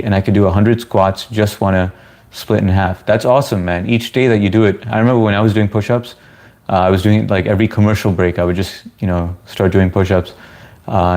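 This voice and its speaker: He's a US live streamer replying to viewers, relaxed and happy to keep talking. The voice is low and a touch mellow.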